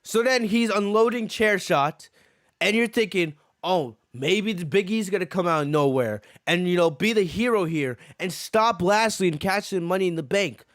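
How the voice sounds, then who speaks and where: A man's voice: high voice, animated, normal speed, no room sound, clean studio sound. A man hosting a podcast, giving a heated, profane wrestling review that repeats its points. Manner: ranting, repeats himself, profane. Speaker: podcast host.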